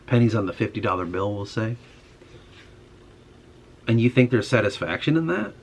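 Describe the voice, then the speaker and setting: A man's voice: on the low side, animated, moderate pace, slight background noise. A young man in a casual monologue, ranting with frustration and heavy swearing. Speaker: podcast host.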